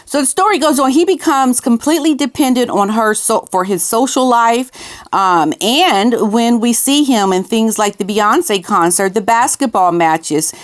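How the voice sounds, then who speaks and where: A woman giving casual opinion commentary on her vlog, emphatic and repeating her key phrases, sometimes talking aside to someone off camera. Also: on the high side. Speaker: commentary vlogger.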